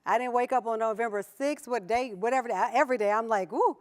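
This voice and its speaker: A woman with a Southern US accent gives a motivational talk in a conference hall as the keynote speaker. Her voice is on the high side and quick. She is playful, laughs often, and puts questions to the crowd.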